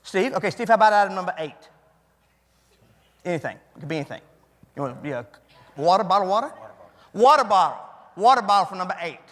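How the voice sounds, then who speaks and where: A man with a Cajun accent gives a folksy, chatty, interactive keynote, repeating back what the audience answers. He talks fast with lively intonation and long pauses, his high voice fairly bright against the hall reverb.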